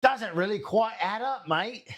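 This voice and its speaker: A man's voice: high voice, unhurried, a bit bright, a little hiss or hum, voice pushed up. A man putting on a mocking, exaggerated British accent as a smug, blustering man. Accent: put-on British. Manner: exaggerated sneering caricature.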